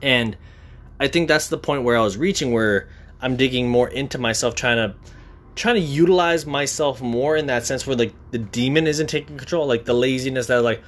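A man's voice: mid-range voice, normal speed. A young man vlogging to his viewers in a rambling, profane way, often stammering and restarting. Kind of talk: casual monologue to viewers.

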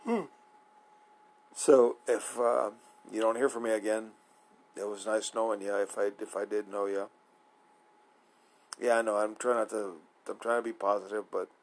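A man's voice: fairly low pitch, rough recording. A man hosting his own talk show, speaking in a rambling, hesitant way with many fillers, sleepy and nervous. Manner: nervous, apprehensive. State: sleepy, yawning. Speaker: podcast host. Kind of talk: casual solo monologue.

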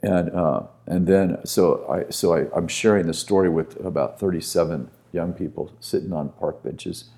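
A man's voice: low voice, normal speed, hardly any pauses, warm tone. A man speaking as a guest minister on a podcast, telling a story earnestly and with conviction.

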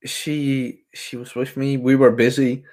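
A man's voice: flat delivery, measured pace, a little mellow. A man co-hosting a podcast, chatting crudely and casually and laughing often. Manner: laughs often, puts on high voices when quoting women. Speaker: podcast co-host.

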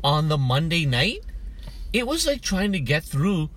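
A man's voice: a little high, big pitch swings, a little slow, a bit bright. A man co-hosting a podcast, teasing and joking in casual banter. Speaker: podcast co-host.

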